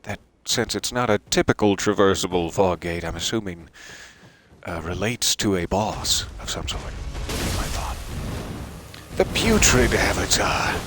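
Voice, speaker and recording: A man with a fairly low voice and a very animated, swooping delivery. He comments on a game in a theatrical, playful way, addressing characters directly. His asides are self-deprecating and chatty. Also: measured pace, slight background noise. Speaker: let's play streamer. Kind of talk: casual gameplay commentary.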